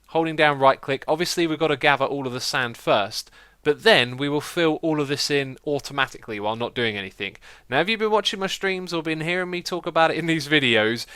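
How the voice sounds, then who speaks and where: Upbeat male gameplay host, clear, crisp tone, chatty and quick to laugh. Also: a little high, bright, forceful tone, no echo, studio quality. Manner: chatty, upbeat, laughs often, talks to his horses. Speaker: Minecraft video host. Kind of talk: casual gameplay commentary.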